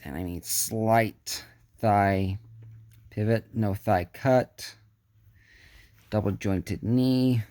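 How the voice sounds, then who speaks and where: A man's voice: lowish voice, gravelly, darkish tone, no echo. A man giving a casual hands-on action figure review, chatty and muttering asides to himself as he handles the figure.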